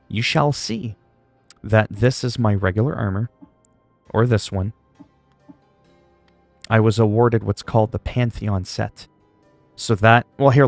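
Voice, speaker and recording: A man's voice: lowish voice, darkish tone, no room sound. A man from Canada chatting casually on a gaming livestream, joking and rambling while he answers chat.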